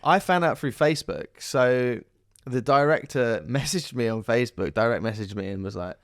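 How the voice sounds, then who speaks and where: A man's voice: mid-range voice, lively intonation, normal speed, no echo, studio quality. A man, an actor chatting as a podcast guest, telling rambling stories. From southern England. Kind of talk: casual interview chat.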